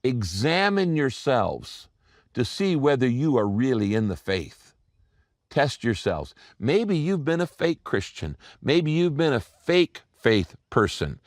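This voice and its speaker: An older man, a pastor preaching a sermon, telling stories and repeating key lines slowly for emphasis. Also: medium pitch, big pitch swings, dry recording, studio quality.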